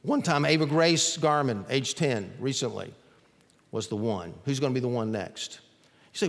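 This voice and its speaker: Animated male pastor in an echoing church. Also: mid-range voice, fairly quick. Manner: animated storytelling, acts out quoted voices. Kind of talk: sermon. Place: church sanctuary. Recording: long reverb of a church hall.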